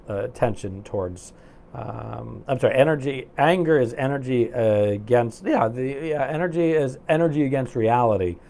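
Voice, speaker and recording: A man's voice: medium pitch, a little mellow. A man hosting a live coaching stream, upbeat and chatty, reading viewers' comments aloud with many fillers.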